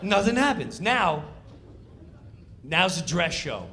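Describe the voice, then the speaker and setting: Male stand-up storyteller; animated, bright, lively pitch. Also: normal speed. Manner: animated, conversational, builds to punchlines. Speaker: comedian.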